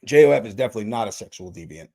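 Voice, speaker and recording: A man's voice: on the low side, expressive, very fast, a little mellow. A man hosting a casual livestream, rambling and swearing freely while joking with his chat. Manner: rambling, profane, jokey. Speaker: host.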